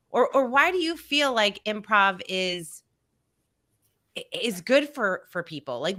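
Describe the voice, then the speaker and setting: A woman hosting a casual interview, asking her questions in halting bits and restarting them. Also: mid-range voice, pushed and bright. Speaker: podcast host.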